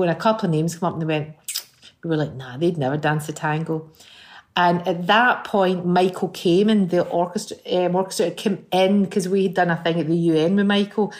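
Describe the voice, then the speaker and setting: A middle-aged woman with a Scottish accent, chatting as a guest and telling lively stories, acting out what people said. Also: on the low side, a little fast. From Scotland. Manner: lively storyteller who acts out quotes. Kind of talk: casual chat.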